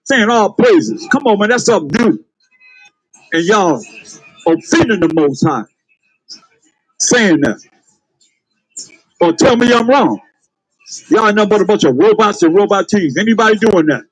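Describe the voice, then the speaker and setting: A man's voice: sits high, sing-song, measured pace, pauses often, fairly bright tone, no room sound, low-quality recording. A man preaching on the street, calling out to passers-by with emphatic, laughing delivery. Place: outdoors on a street.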